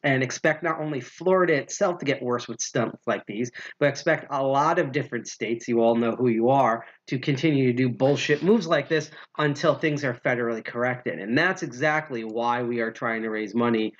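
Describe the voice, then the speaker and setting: A man's voice: medium pitch, normal speed, hardly any pauses, dull audio. A man hosting a casual livestream show, rambling, swearing freely and correcting himself mid-sentence. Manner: rambling, profane, self-correcting. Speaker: podcast host.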